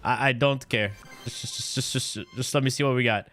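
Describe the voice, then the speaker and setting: A man's voice: mid-range voice, steady tone, fairly quick, a bit bright, soft background music. Joking, rambling young gamer man. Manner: joking, rambling, swears freely, stumbles over words. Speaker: video game streamer. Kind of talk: casual live-stream gaming chat.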